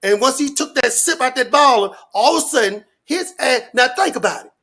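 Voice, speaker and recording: A man ranting loudly and profanely in street slang, rambling and repeating his catchphrases. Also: extremely high pitch, animated, a little fast. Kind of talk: animated rant to an interviewer.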